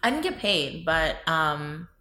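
A woman's voice: sits low, big pitch swings, slow, sharp tone. A woman in her thirties co-hosting a podcast, chatting in a giggly, self-mocking way while recapping a TV show. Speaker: podcast co-host. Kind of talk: casual chat recapping a TV show. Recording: echoey room.

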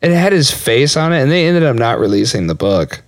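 A young man co-hosting a loose podcast, rambling and laughing as he swears his way through stories. His pitch jumps all over the place. The sound is dry and close, with no room around it. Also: sing-song, a little fast, no room sound. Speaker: podcast co-host. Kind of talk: casual chat.

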